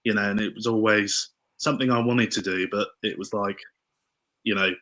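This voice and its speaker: A man telling stories as a podcast guest, excitable and tripping over his words. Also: fairly low pitch, normal speed, low-quality recording. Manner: excitable, tumbling restarts. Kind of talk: casual storytelling interview.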